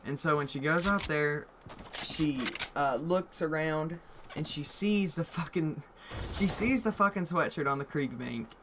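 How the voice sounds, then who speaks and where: A young man with a slightly high voice tells a story in a loose, rambling way. He swears constantly and gets worked up at the wild parts. A steady noise runs behind him. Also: a little slow. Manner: profane, rambling, excitable. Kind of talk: casual storytelling. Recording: audible background noise.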